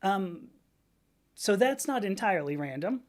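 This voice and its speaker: A woman's voice: medium pitch, animated, measured pace. A middle-aged American woman hosting a casual livestream, answering chat comments in a rambling way, often correcting herself. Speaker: livestream host reading chat.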